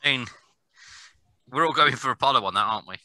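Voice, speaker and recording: A man's voice: mid-range voice, fast talker, noisy background. A man co-hosting a wrestling podcast, laughing often and prompting the others for their picks. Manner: giggly, lively, asks the others for picks. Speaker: podcast co-host. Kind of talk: casual wrestling chat.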